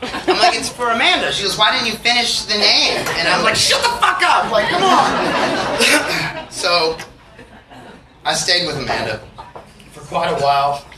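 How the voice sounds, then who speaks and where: A man's voice: high voice, expressive, normal speed. A man telling profane, joking stories to a concert audience between songs and acting out the people in them. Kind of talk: storytelling to a live audience. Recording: roomy far-off live recording with crowd noise.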